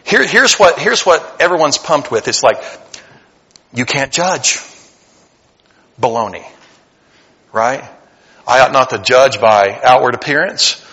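A pastor preaching a sermon, animated and conversational, swinging between loud emphatic passages and hushed earnest asides. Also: male voice, mid-range voice, measured pace, dull audio. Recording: long hall reverb.

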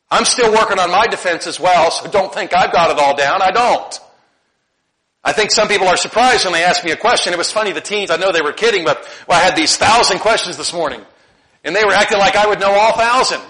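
A middle-aged male pastor preaching a conversational sermon, often repeating words and rising into animated bursts. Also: high-pitched, brisk, rough recording.

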